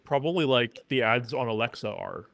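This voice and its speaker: A man co-hosting a podcast, explaining things in a relaxed, matter-of-fact way. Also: medium pitch, normal speed, creaky, no echo. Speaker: podcast co-host. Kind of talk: casual explaining.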